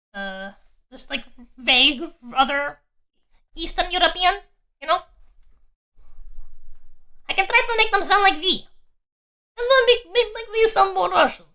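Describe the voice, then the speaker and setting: A woman's voice: high-pitched, bright, forceful tone. A woman streamer chatting casually while playing a game, rambling and restarting her sentences and laughing often. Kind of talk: casual live-stream gameplay chat.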